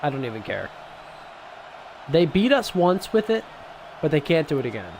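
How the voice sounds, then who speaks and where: A young man giving casual, excitable commentary over a football video game, swinging between hype and grumbling. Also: fairly high pitch, normal speed. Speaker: gaming YouTuber. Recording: noisy background.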